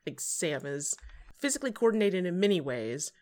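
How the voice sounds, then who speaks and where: Player, female, lower voice with lively swings in pitch, casual and laughing. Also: moderate pace. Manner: laughing, animated chat. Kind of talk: casual tabletop game play.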